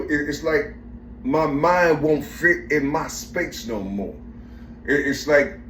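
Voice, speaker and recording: With a fairly high pitch and a fairly bright tone, a middle-aged man rambles through a personal story peppered with swearing. He repeats himself, gropes for the right words and can't stop saying "you see," recorded in an echoey space.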